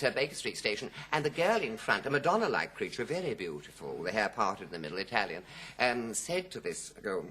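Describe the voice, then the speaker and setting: A man's voice: medium pitch, pushed and bright, a little hiss or hum. A man in his fifties telling anecdotes as a TV interview guest, theatrical and full of put-on voices. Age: 50s. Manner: theatrical, swooping, acts out quoted voices. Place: television studio.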